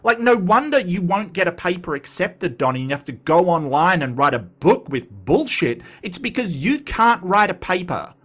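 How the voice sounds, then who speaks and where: Man, fairly high voice, sarcastic, exasperated, reaction commentary. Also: big pitch swings, normal speed, few pauses, fairly bright tone. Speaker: commentary host reacting to a video.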